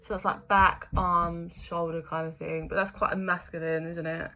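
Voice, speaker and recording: A woman's voice: fairly low pitch, level tone, normal speed, bright, forceful tone, dull audio. A young woman giving a casual, chatty spiritual reading, full of fillers, the odd swear word and frequent laughter. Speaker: intuitive reader.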